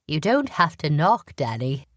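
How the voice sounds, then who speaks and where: A woman reading an audiobook, voicing a frail, sharp-eyed old woman, sick in bed, who teases in a wry, blunt way. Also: low-pitched, big pitch swings, measured pace, dry recording, clean studio sound, full character voice. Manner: wry and teasing. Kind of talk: audiobook character voice.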